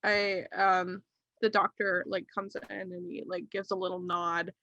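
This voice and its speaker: A woman narrating as game master of a tabletop game, halting and full of fillers, on a close mic. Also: fairly low pitch, flat delivery, sharp tone, no room sound, dull audio. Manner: halting, full of ums and likes.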